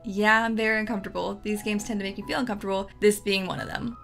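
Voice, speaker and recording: A woman's voice: medium pitch, steady tone, fast talker, gravelly, fairly bright tone, faint music behind. A young woman hosting a let's play, reading game text and giving chatty, sarcastic commentary. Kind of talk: casual gameplay commentary.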